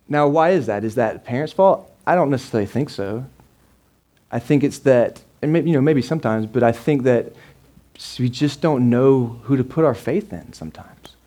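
This man's voice is medium in pitch with a dark tone. As a pastor delivering a sermon at a live church service, he speaks conversationally, repeats himself, and often asks the congregation "right?"

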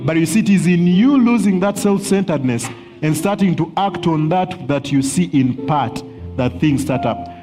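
A man's voice: fairly high pitch, animated, normal speed. A man teaching on prophecy in a sermon style, earnest, chuckling often and repeating words as he searches for them. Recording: long hall reverb with faint music.

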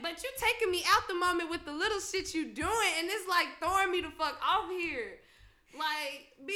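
A young woman hosting a podcast, telling a profane story in a loud, laughing, animated way. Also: high voice. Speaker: podcast host. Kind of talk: casual storytelling chat.

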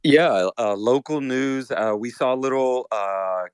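A man running through market news in a casual chat, steady, with frequent pauses. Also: mid-range voice, clear, resonant tone, dry recording. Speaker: co-host reading crypto news.

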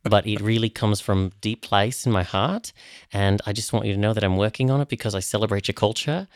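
A man co-hosting a podcast in a casual chat, upbeat and expressive. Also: on the low side, brisk, no room sound, clean studio sound. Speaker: podcast co-host.

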